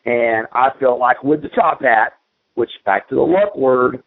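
A man at a mid pitch tells long, rambling stories from his career as a former pro wrestler, tripping over and repeating his words. His voice comes through a narrow, tinny phone-like radio line. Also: a little slow, vocal fry. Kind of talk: casual storytelling in an interview.

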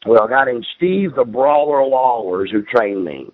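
A man's voice: medium pitch, lively intonation, measured pace. A man, a former pro wrestler, telling stories from his career as an interview guest, rambling and repeating words as he goes. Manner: rambling, repeats words, acts out quoted voices. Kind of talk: casual storytelling in an interview. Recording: tinny phone-like radio line.

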